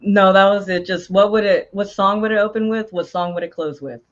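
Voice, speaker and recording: A woman's voice: mid-range voice, steady tone, a little fast, dull audio. A woman guest in a casual interview, laid-back and giving dry, short answers. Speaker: interview guest, Twitch streamer. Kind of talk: casual chat.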